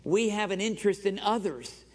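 A man's voice: sits high, moderate pace, darkish tone. A male pastor preaching a sermon in a church sanctuary, exhorting the congregation and having them repeat phrases after him. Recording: long reverb of a large church hall.

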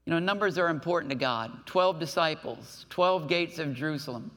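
A man preaching a sermon to his church, reading scripture aloud and breaking off with lively asides. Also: fairly high pitch, normal speed. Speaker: pastor.

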